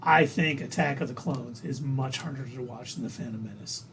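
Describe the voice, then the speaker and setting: A man's voice: mid-range voice, moderate pace, gravelly, a bit bright, slight background noise, rough recording. A man co-hosting a casual pop-culture discussion, chatty and loose with lots of fillers. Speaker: podcast co-host.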